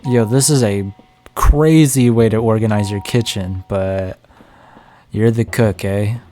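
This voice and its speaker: A man's voice: on the low side, takes it slowly, warm tone. A young man streaming a game, chatting and joking to himself as he plays. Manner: chatty, jokey, talks to himself while playing. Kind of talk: live gameplay commentary. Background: game music.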